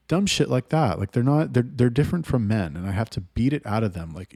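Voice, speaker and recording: A man's voice: medium pitch, lively intonation, a little fast, gravelly, hardly any pauses, a little mellow, no room sound, studio quality. A young adult man hosting a casual vlog, talking bluntly and profanely with a rambling flow. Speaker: host.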